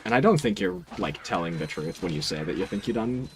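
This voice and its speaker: A man's voice: low-pitched, lively intonation, a little fast. A man streaming a video game, chatting casually with his viewers in a laid-back, dry, teasing way. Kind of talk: casual stream chat while gaming.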